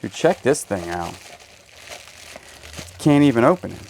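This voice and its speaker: A man's voice: mid-range voice, big pitch swings, unhurried, gravelly. A man hosting a casual storage unit unboxing, cracking goofy jokes as he unpacks. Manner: joking, goofy asides. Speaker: storage unit reseller host. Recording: faint background noise, birds.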